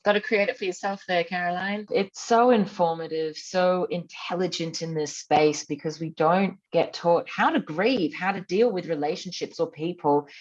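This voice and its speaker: A woman hosting a podcast, chatting in an encouraging, measured way. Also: lowish voice. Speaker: podcast host. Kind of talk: casual podcast chat. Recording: muffled lo-fi audio.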